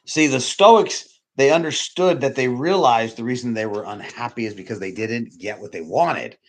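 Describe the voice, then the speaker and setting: A man's voice: mid-range voice, moderate pace. Rambling emphatic male preacher. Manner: rambling, repeats himself, restarts sentences. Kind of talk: informal sermon.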